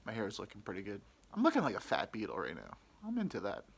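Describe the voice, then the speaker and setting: A man's voice: lowish voice, huge pitch swings, quick pace, vocal fry, breathy edge. A young man hosting a podcast, telling a rambling, self-deprecating story in casual chat. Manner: rambling, self-deprecating, mimics people he quotes. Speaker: podcast host.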